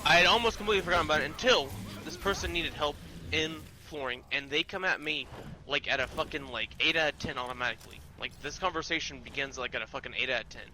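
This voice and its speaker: A man's voice: a little high, fast, sharp tone, slight background noise, rough recording. A man telling a work story in a casual, profane, rambling way with many fillers.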